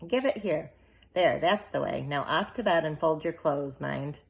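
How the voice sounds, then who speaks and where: A woman's voice: low voice, measured pace, vocal fry. A woman reading the part of an anxious, fussing little mother who frets and scolds in an audiobook. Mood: brisk. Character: fretful, anxious tiny mother, middle-aged.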